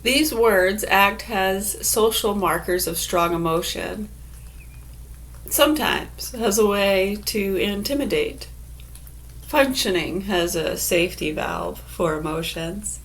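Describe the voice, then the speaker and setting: A vlogger reads definitions aloud and riffs on them sarcastically in a casual musing monologue, swearing freely. She has a mid-range, slightly bright voice and talks at a slow pace.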